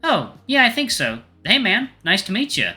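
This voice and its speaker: A man's voice: high voice, wildly swooping pitch, normal speed, sharp tone, soft background music, pitched above the performer's own voice, heavily acted. A man voicing a tired, blunt young woman who is a med student, in a visual novel read-aloud. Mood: dry. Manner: blunt, sarcastic.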